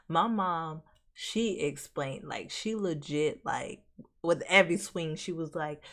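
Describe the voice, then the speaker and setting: A woman's voice: sits low, a little slow, a bit bright. A woman streamer reacting to a video, chatting casually and telling rambling stories.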